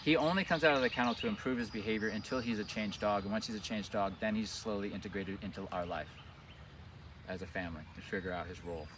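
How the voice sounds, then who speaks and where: A man working as a dog trainer, explaining his methods in a relaxed way outdoors and often checking in with "right?". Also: fairly low pitch, fast. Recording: distant mic outdoors, faint background noise.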